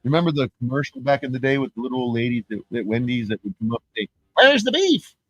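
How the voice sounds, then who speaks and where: A man's voice: mid-range voice, fairly even intonation, rapid-fire, a little mellow, no echo, muffled recording. A man streaming a profane, mocking rant, laughing between points and mimicking his critics in sing-song voices. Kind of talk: ranting livestream monologue.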